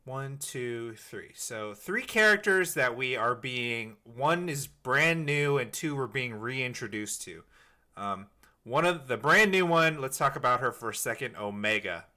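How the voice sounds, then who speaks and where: Bright-voiced man rambling on a podcast. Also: medium pitch, lively intonation, measured pace. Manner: rambling, many fillers and restarts. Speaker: podcast host. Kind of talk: casual podcast chat.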